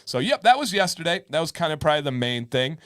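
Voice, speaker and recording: Lively storytelling man, dry sound. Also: a little high, fast talker, dry recording. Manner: lively storyteller who acts out kids' voices. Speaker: co-host of a live advice show. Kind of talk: casual chat.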